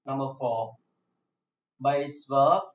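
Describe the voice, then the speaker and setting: Slow Vietnamese-accented male English teacher. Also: medium pitch. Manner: slow and repetitive, saying each word several times. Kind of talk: slow classroom explanation. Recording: echoey room, dull lo-fi sound.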